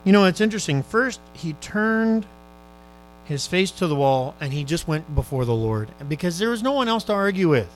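A male preacher delivering a sermon, exhorting his listeners fervently and swinging between loud urgent appeals and hushed, quiet questions. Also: high voice, sing-song, moderate pace, faint music behind, poor audio.

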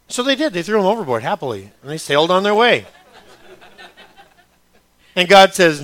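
Male preacher, fairly high voice, conversational that builds to emphatic, dry close sound. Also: big pitch swings, normal speed, pauses often, no echo. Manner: starts quiet and conversational, grows loud and emphatic. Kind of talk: sermon.

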